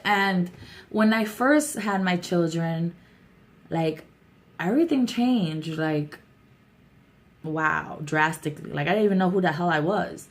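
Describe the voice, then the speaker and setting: A young adult woman talking candidly and warmly to her vlog viewers, with a chatty, heartfelt manner. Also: lowish voice, measured pace, long pauses. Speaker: YouTuber. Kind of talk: casual vlog talk.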